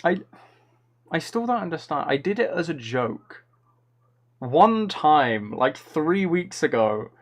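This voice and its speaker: A man's voice: fairly high pitch, big pitch swings, takes it slowly. A man chatting casually on a live stream, answering chat in a playful, rambling, mock-dramatic way.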